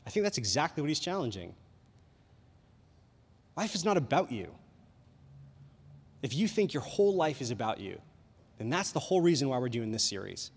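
A man's voice: mid-range voice, moderate pace, long pauses, slightly rough. A man, a youth pastor, giving a casual sermon. He rambles and fills his talk with "like". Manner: animated, rambling, heavy use of "like". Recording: long reverb of a large hall.

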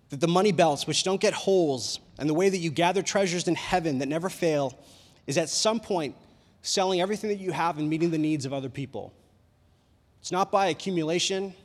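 A man, a youth pastor, giving a casual sermon. He rambles and fills his talk with "like". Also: a little high. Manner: animated, rambling, heavy use of "like". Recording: long reverb of a large hall.

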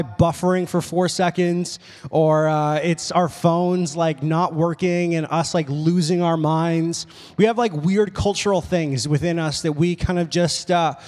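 A young man preaching a casual, animated sermon, telling stories with lots of "like"s. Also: fairly high pitch. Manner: casual, animated storytelling with many "like"s. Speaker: pastor. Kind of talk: youth sermon. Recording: long reverb of a hall.

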